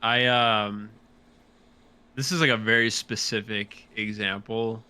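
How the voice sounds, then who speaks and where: A man's voice: fairly low pitch, level tone, slow pace, sharp tone, clear, resonant tone. A man chatting casually as a podcast guest, rambling and swearing as he restarts his sentences. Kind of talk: casual chat.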